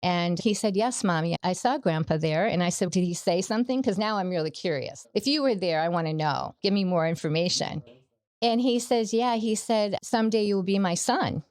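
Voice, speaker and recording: A woman's voice: fairly low pitch, expressive, moderate pace, darkish tone, no echo. A middle-aged woman, a podcast guest, giving a personal faith testimony in an earnest storytelling way, acting out the quoted dialogue.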